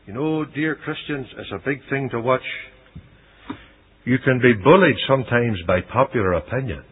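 A man preaching a sermon, voicing scripture dramatically and swinging from loud declarations to hushed asides. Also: mid-range voice, moderate pace, husky. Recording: dull lo-fi radio recording.

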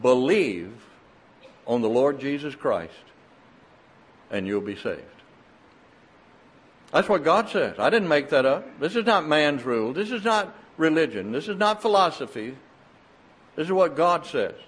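An older man preaching a sermon, telling folksy stories in an animated, emphatic way. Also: a little high, measured pace, long pauses, slightly rough.

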